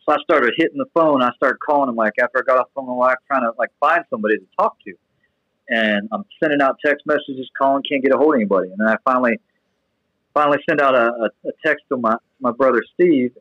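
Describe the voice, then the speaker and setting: A young man telling a personal story in a casual, rambling way, full of restarts and fillers, then getting animated as it builds. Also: mid-range voice, no room sound, lo-fi sound. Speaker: guest sharing testimony.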